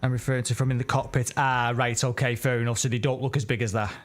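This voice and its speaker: Over faint music, a sim racing streamer talks fast in a mid-range voice with little pitch movement. He gives live, chatty commentary on a racing game, rambling and self-correcting along the way.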